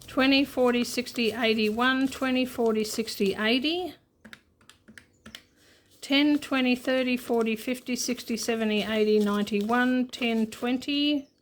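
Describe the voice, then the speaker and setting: Aussie lady counting cash out loud on her budgeting channel, kinda high voice, lots of ums. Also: fairly even intonation, measured pace, slight background noise. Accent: Australian. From Australia. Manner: chatty, counts money aloud, many fillers. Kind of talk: casual unscripted chat while counting cash.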